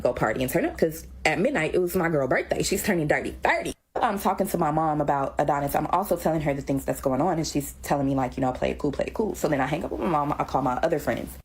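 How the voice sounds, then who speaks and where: A woman recounting a personal story at a rapid, chatty clip and voicing each line of dialogue. Her voice is low and husky. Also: darkish tone, low-quality recording.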